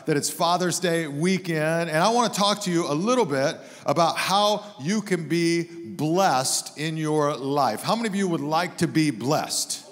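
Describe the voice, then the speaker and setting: A middle-aged man preaching in a church sanctuary, his voice sitting a little higher than most men's. He tells stories with lively, joking energy. The sound rings out with a long hall reverb behind every phrase. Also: measured pace, few pauses. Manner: animated, humorous storytelling. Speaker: guest pastor. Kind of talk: sermon.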